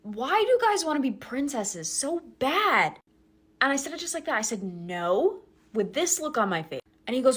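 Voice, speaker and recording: A woman's voice: high-pitched, sing-song, moderate pace, a bit bright, husky. A woman ranting in a casual vlog, blunt and sarcastic, with frequent swearing.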